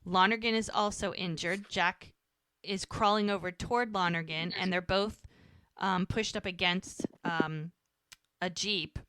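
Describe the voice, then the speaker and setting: A woman's voice: on the low side, unhurried, smooth, dry recording, studio quality. A woman co-hosting a podcast, animatedly retelling a TV episode scene by scene in casual chat. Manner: animated retelling, quotes characters' lines. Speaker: podcast co-host recapping an episode.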